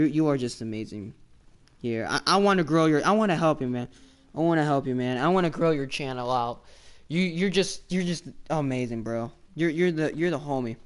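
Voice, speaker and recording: A young man hosting a casual live stream, excitedly thanking viewers with lots of repeats and restarts. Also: fairly high pitch, smooth. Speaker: livestreamer.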